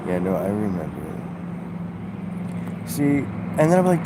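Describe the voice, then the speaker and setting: A man vlogging a halting, musing spiritual monologue, full of fillers. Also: medium pitch, sing-song. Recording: outdoor traffic noise.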